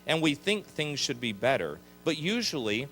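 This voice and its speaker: Animated male pastor preaching in a chapel. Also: a little high, moderate pace, soft background music. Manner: animated, acts out grumbling voices. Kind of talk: sermon.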